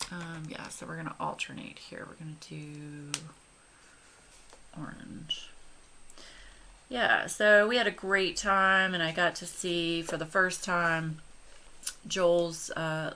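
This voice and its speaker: Slow, bright-voiced woman in her forties. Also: lowish voice, a little hiss or hum. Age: 40s. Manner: chatty, gushing, addresses viewers directly. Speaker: coloring channel host. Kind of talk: casual chat while coloring.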